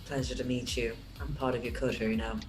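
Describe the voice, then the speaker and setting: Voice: mid-range voice, level tone, quick pace, over music, natural voice. A player voicing a short male vampire newcomer, polite and dry in his manner. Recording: echoey room.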